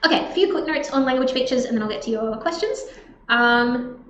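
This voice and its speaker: A woman's voice: high voice, fairly quick, fairly bright tone, dull audio. A woman explaining a literature text to students in a casual, chatty way with many fillers. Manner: chatty, filler-heavy, stresses words in read quotes. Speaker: tutor presenting a text analysis lesson. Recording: slightly roomy with faint background hiss.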